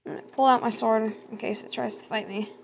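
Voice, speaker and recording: A woman's voice: fairly high pitch, fairly even intonation, fast talker, vocal fry, noisy background. A woman giving casual let's-play commentary, talking to herself and squealing at danger. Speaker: gamer.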